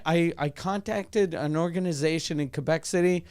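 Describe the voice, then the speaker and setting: Guy on a comedy podcast, kinda high voice, rambling stories with lots of swearing. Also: a little fast, hardly any pauses, a little mellow. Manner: loose storytelling, swears freely. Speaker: podcast co-host. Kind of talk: casual comedy podcast chat.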